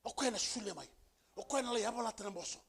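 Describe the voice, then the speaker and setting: A male pastor preaching a sermon with emphasis, repeating key phrases and building to shouted peaks. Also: sits high, rapid-fire, creaky, slightly rough. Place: church service.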